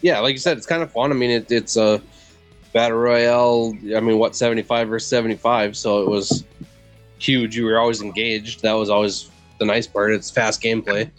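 A man co-hosting a casual gaming podcast, quick with jokes and banter. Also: mid-range voice, steady tone, faint music behind. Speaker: podcast co-host.

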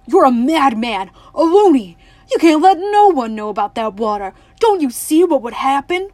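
A woman reading the part of an outraged farmer father, roaring and shouting in anger. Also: high-pitched, big pitch swings, moderate pace, dry recording, pitched above the performer's own voice. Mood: furious. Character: angry older farmer father, desperate.

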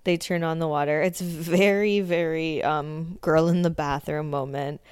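A woman's voice: low-pitched, steady tone, a little slow, darkish tone, smooth, no echo. Brief: woman podcast host, casual opinionated recap, lots of "like" fillers; dry close recording. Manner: blunt, swears often, many "like" fillers.

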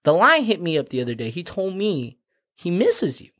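A man's voice: sits high, huge pitch swings, moderate pace, a bit bright, pitched above the performer's own voice, exaggerated voice. A man doing a slangy, scheming hare. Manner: slangy, coaxing dude talk. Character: scheming, laid-back male hare go-between.

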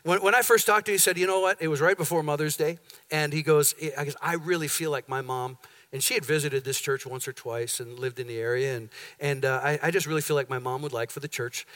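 A man with a somewhat high voice, preaching to his congregation in a church. He tells his story conversationally, slipping into the voices of the people he quotes. His delivery stays loose and unscripted. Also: fast. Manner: conversational, animated retelling with quoted dialogue. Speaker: pastor. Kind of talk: sermon storytelling. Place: church sanctuary.

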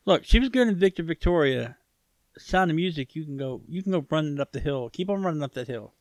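A man's voice: on the high side, animated, fast, no room sound. A man co-hosting a casual podcast chat, stubborn and sarcastic, who swears freely and argues for fun. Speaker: podcast co-host.

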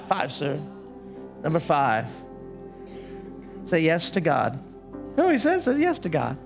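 A male pastor preaching a sermon to his church, fervent and exclamatory with folksy asides. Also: a little high. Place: church service.

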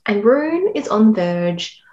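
A woman's voice: mid-range voice, very animated, takes it slowly, darkish tone. A woman co-hosting a book podcast who recaps the plot in a blunt, wry, casual way, swearing now and then. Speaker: podcast co-host. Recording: dull lo-fi mic.

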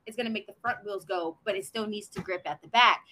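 A woman's voice: medium pitch, fast, slight background noise. A woman co-hosting a casual podcast, animatedly retelling a story with lots of swearing. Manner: animated storytelling, profane and laughing. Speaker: podcast co-host.

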